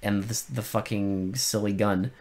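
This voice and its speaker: A man co-hosting a podcast, chatting casually about a film with deadpan sarcasm and plenty of swearing. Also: fairly low pitch, a little slow. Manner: sarcastic, profane, deadpan irony. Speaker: podcast co-host. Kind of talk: casual film review chat.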